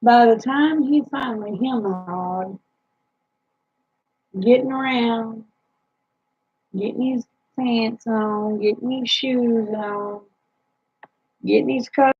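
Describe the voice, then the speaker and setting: Tired, gravelly woman chatting. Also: on the high side, slow pace, long pauses, muffled recording. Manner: chatty, drawling, rambling with many fillers. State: tired, yawning. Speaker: homesteader talking to live chat viewers. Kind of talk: casual live chat.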